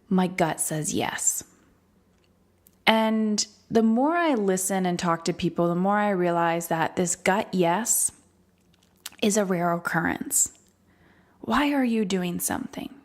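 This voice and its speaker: A woman hosting a solo podcast as a coach, speaking candidly and emphatically and swearing freely. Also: lowish voice.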